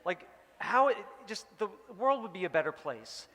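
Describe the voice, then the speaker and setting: A man's voice: high voice, big pitch swings, moderate pace, a bit bright, in a large hall. A male pastor giving a casual, joking sermon, rambling with many fillers. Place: church hall.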